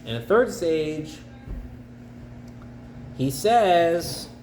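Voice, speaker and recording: A man, a rabbi, teaching a class and telling a story in a lively way, jumping into the characters' voices. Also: a little high, roomy sound, slight background noise, low-quality recording. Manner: animated, acts out characters in quick bursts. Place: campus center classroom.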